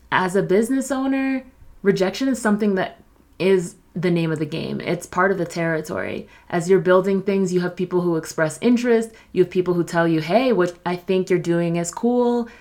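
A young woman with a slightly low voice talks alone on her podcast. She is candid and confessional, and she often replays her own past thoughts aloud as she tells the story. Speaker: podcast host, doula and coach. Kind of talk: solo podcast monologue.

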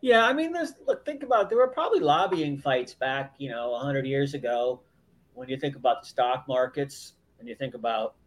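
A man's voice: mid-range voice, expressive, a little fast. A man co-hosting a casual chat podcast, rambling and thinking aloud with many fillers. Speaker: podcast co-host.

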